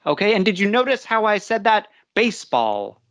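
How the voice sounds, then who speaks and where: A woman's voice: medium pitch, fast. An American woman teaching a live English pronunciation lesson, patiently explaining step by step and checking in with her listeners. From United States.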